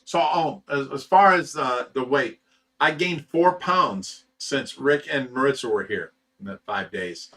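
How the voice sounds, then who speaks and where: At a measured pace, an American man with a mid-range, bright and forceful voice hosts a casual livestream from a fish rescue. He reads out viewer comments, chuckles a lot, and trails off with "you know."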